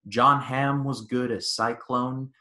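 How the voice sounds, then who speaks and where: Bright-voiced man in excited movie chat. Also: medium pitch, slow pace. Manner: excited, acts out quotes with many restarts. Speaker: podcast co-host. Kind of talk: casual movie review chat.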